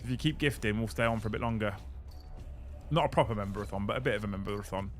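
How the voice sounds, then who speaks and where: A young British man hosting a live stream, excitable and swearing casually as he runs giveaways. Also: fairly low pitch, very fast, faint music behind. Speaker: livestream host.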